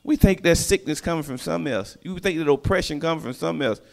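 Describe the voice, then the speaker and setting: A man's voice: a little high, fast, vocal fry, soft background music. Man preaching with big swings in volume. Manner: call-and-response preaching, swinging from hushed to shouted. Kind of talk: sermon.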